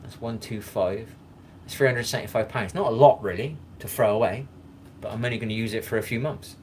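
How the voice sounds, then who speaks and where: A man's voice: lowish voice, a little fast, a little hiss or hum. A man hosting a live stream in casual chat, rambling, swearing and greeting viewers by name.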